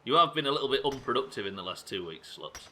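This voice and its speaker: Bright-voiced, joking streamer. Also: male voice, medium pitch, lively intonation, fast talker, slight background noise. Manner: swearing, joking asides to chat. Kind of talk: live gameplay commentary.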